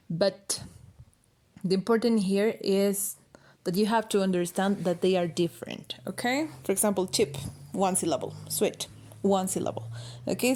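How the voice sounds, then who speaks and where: A woman with as her teaches an English grammar lesson, walking through each rule step by step. She spells words out letter by letter and keeps checking that her students follow. Her pitch sits in a middle range for a woman. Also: mellow. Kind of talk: grammar lesson explaining slides.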